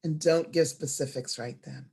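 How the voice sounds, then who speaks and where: A woman presenting an online storytelling workshop over a video call, expressive and animated, moving from hushed asides to loud emphasis. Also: deep voice, moderate pace, vocal fry, husky.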